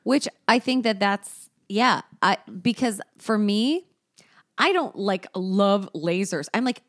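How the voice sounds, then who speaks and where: A woman's voice: medium pitch, animated, slow pace, no room sound. Chatty woman podcaster, dry close mic. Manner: chatty, self-deprecating, laughs often. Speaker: podcast co-host. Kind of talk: casual chat.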